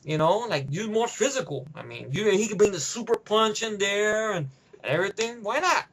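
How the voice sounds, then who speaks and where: A man's voice: high voice, animated, moderate pace, a bit bright, a little hiss or hum. A man giving a rambling, profane movie review rant, heavy on emphatic opinions.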